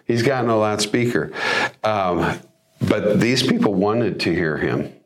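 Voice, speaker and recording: A man's voice: fairly low pitch, expressive, slow. A man co-hosting a casual Bible discussion who reads scripture and jokes, acting out what bystanders might say. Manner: joking, acts out quoted bystanders. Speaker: co-host reading and discussing scripture.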